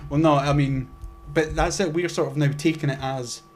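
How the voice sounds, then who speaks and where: A man's voice: a little high, fairly even intonation, moderate pace, darkish tone, faint music behind. A young man, co-hosting a casual podcast chat and rambling with lots of restarts and swearing. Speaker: podcast co-host.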